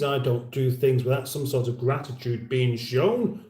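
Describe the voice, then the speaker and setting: A man's voice: medium pitch, expressive, takes it slowly, mellow, echoey room. Chatty man on a livestream. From United Kingdom. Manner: chatty, rambling, reads out viewer comments. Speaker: livestream host. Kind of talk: casual livestream chat.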